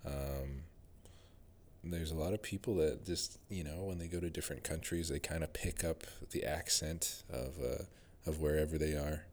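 A man's voice: very deep voice, moderate pace, darkish tone, slight background noise. A man with a General American accent, rambling through a casual solo monologue as a podcast host. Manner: rambling, musing, many fillers and restarts.

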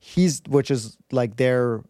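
A man's voice: mid-range voice, takes it slowly, warm tone, no room sound, studio quality. A man as a podcast guest, telling a personal story in an earnest, rambling way with many restarts. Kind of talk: candid storytelling in conversation.

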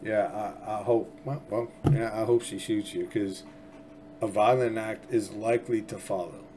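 A man with a fairly low voice rambles through political commentary as a show host. He leans on sarcasm and keeps restarting his sentences. A faint background noise sits under the recording. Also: steady tone, moderate pace. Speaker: podcast host.

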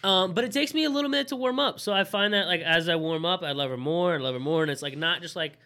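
A man's voice: high-pitched, fast talker, bright, forceful tone, clear, resonant tone. A young man co-hosting a podcast, bantering loosely and swearing as he chats with his friend. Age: young adult. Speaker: podcast co-host. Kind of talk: casual chat.

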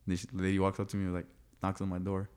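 Deep, mellow-voiced man telling stories. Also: fast talker, clean tone. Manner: animated, laughs often, acts out quotes. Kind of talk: casual chat, storytelling.

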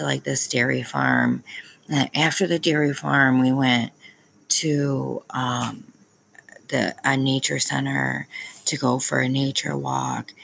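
This parent vlogger, a young woman, has a rumbling low voice with vocal fry. Talking candidly and rambling on, she fills her speech with ums and self-aware asides, over slight background noise on a low-quality recording.

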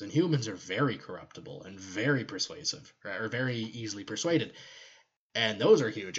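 A man's voice: medium pitch, dull audio. A man co-hosting a podcast, animatedly explaining a fictional universe's lore in casual chat with joking asides. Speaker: podcast co-host.

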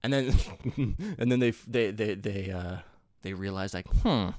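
A man's voice: lowish voice, a little slow, darkish tone, dry recording, clean studio sound. A young man ranting casually to viewers, swearing often, rambling through restarts and laughing at his own jokes. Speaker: solo talker addressing viewers. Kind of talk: casual rant.

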